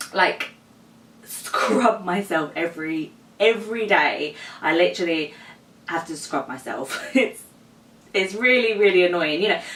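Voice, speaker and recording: A young, heavily pregnant woman vlogs casually to her camera mic, a little out of breath and full of ums and likes. Her voice sits fairly low with a fairly bright tone and a little hiss or hum. She's in an echoey room at home with the camera a bit far and a mower running outside.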